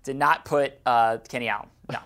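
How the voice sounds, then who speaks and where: A man's voice: mid-range voice, steady tone, fairly quick, a bit bright. A man co-hosting a casual sports podcast, chatty, laughing often and stumbling over his words. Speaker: podcast co-host.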